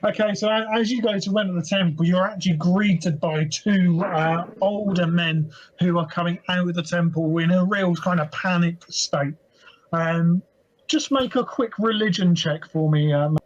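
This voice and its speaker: High-voiced male game master. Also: moderate pace, dull audio. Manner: steady descriptive narration with fillers. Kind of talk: narrating a tabletop game.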